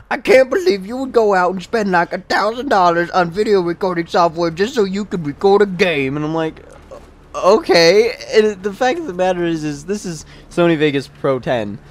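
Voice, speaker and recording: A young man in his twenties doing casual, rambling video game commentary, chatty and quick to laugh. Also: mid-range voice, slight background noise. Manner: rambling, chatty, laughs often, many restarts. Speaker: gameplay commentator.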